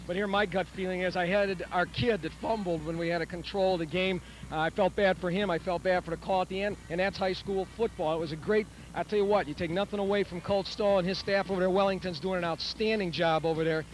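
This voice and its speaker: A man coaching high school football, speaking graciously and plainly in a postgame interview. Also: steady tone, fast talker, slight background noise, poor audio. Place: outdoor football field.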